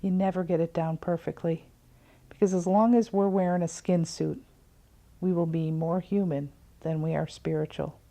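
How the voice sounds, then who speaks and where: A middle-aged woman hosting a recovery talk show, telling a personal spiritual story in an earnest way and often dropping to a soft near-whisper. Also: lowish voice, fairly even intonation, moderate pace.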